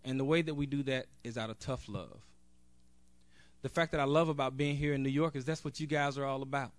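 A man's voice: mid-range voice, fairly even intonation, fairly quick, dry recording. A man, a national board member, giving an earnest, direct convention speech off the cuff, with a few restarts. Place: convention hall.

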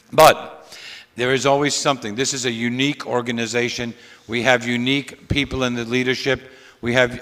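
A man introducing a colleague at a convention, speaking in a relaxed, wry way with some halting restarts. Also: medium pitch. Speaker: affiliate president introducing a speaker. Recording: long hall reverb.

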